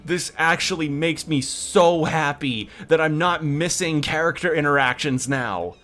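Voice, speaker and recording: A man streaming a video game and commenting in an excited, gushing way, often repeating himself. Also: on the high side, a little slow, soft background music. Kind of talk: casual let's-play commentary.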